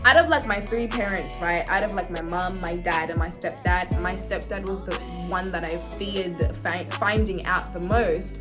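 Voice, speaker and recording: A woman's voice: fairly low pitch, moderate pace, few pauses, over loud music. A young woman from Africa telling a personal story in a chatty storytime vlog, full of fillers and asides. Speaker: vlogger. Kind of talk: casual storytime.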